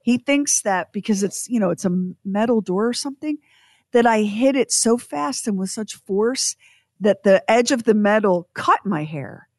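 A woman's voice: mid-range voice, lively intonation, normal speed, no echo, clean studio sound. A middle-aged woman co-hosting a radio show, casually telling a story and acting out quotes in exaggerated voices with self-mocking humor.

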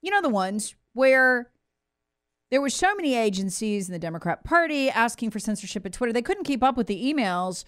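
Sarcastic lady doing political commentary, bouncy pitch, smooth clear voice, bone-dry close mic. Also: a little fast, no room sound. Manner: sarcastic, mocking impressions of officials; animated swings between loud jabs and low asides.

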